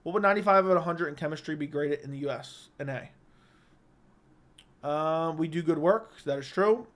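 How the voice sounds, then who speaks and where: A man's voice: a little high, normal speed. A young man hosting a casual livestream, reading viewer comments and giving blunt, opinionated verdicts into a studio microphone.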